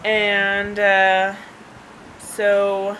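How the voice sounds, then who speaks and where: A woman's voice: medium pitch, monotone, drawn-out words, fairly bright tone, a little hiss or hum, poor audio. A woman vlogger telling a personal story in a rambling, chatty way, laughing often and filling gaps with ums and restarts, recorded on a handheld device. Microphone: handheld device camera.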